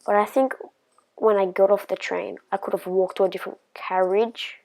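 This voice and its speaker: A woman's voice: medium pitch, fairly even intonation, moderate pace, creaky, a little mellow, poor audio. A woman telling a personal story in a casual vlog, rambling and hesitant with lots of fillers, sometimes dropping to a whisper.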